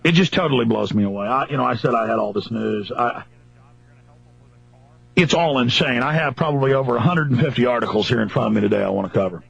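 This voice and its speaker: Husky-voiced man ranting furiously on radio. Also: medium pitch, fast talker, fairly bright tone, dry recording. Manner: furious, mocking, emphatic lists. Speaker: radio talk show host. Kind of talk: angry political radio rant. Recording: dull lo-fi radio broadcast.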